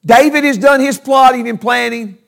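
A man's voice: extremely high pitch, normal speed, vocal fry, fairly bright tone. A man preaching a sermon, retelling a Bible story with emphatic storytelling that stresses key words.

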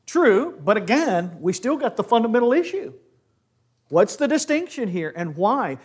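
A man teaches a Bible class with energy, animatedly putting questions to his students. His voice is extremely high-pitched and slightly breathy, at a normal speed.

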